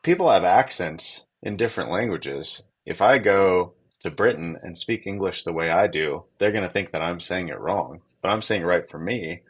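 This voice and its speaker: Deep-voiced man musing out loud. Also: expressive, moderate pace, hardly any pauses, breathy edge. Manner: thinking out loud, laughs easily. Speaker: podcast co-host. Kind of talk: casual conversation.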